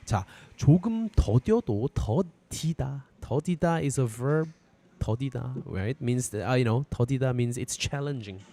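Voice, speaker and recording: A man's voice: medium pitch, animated, quick pace, mellow. Man teaching a casual outdoor lesson. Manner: casual, irreverent, swears freely. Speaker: Korean teacher. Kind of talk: live-streamed language lesson.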